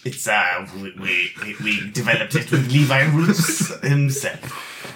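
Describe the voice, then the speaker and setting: A man's voice: medium pitch, lively intonation, slow. A man improvising comedy as a restaurateur, rambling and playful, often breaking into laughter. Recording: echoey room with background noise.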